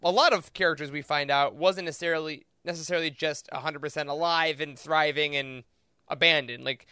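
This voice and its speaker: Bright, crisp-voiced man musing at length. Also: fairly high pitch, steady tone, brisk, dry recording, clean studio sound. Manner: thoughtful, interprets at length with many fillers. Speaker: podcast co-host. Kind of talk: casual discussion.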